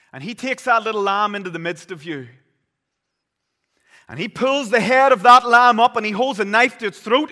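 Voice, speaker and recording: A man preaches a sermon, recounting the story vividly and swinging between loud, urgent passages and hushed ones. His voice sits high, and the long reverb of a large hall surrounds it.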